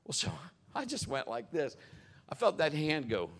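A male pastor preaching a sermon at a church service, telling animated stories and laughing along the way. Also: fairly high pitch, moderate pace. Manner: animated storytelling, laughing, exclamatory.

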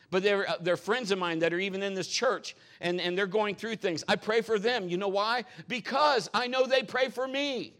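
A middle-aged man preaching a humorous sermon in a church, animated and jokey, laughing often and swinging between loud and soft. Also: high-pitched, moderate pace, few pauses. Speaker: pastor.

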